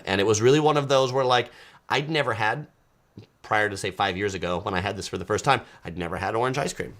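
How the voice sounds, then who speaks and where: A man's voice: fairly low pitch, fairly bright tone. A man from California hosting a food video, chatting casually and enthusiastically while reading viewer comments, with frequent ums and uhs.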